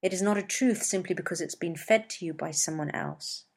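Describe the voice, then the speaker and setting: A woman giving a reflective spiritual talk as a teacher, measured and repeating phrases for emphasis. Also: fairly low pitch, slightly rough.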